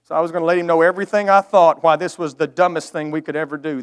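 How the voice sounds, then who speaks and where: Guy preaching, tells stories, gets worked up and loud at the big points, voice sits a bit high. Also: fairly even intonation, fast talker, hardly any pauses, clear, resonant tone. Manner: earnest, emotional, swells to emphatic outbursts. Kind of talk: storytelling sermon.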